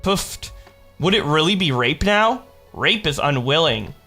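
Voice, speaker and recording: Commentary host, young man, higher bright voice, snarky read-throughs over light music. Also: animated, unhurried. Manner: sarcastic, reads messages aloud in put-on voices. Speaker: commentary YouTuber. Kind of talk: reading chat logs with commentary. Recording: faint music behind.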